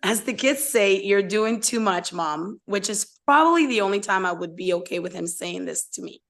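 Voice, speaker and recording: A woman, a parent, reading prepared testimony before a legislative committee in a steady, emotional tone. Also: mid-range voice, fairly quick, vocal fry.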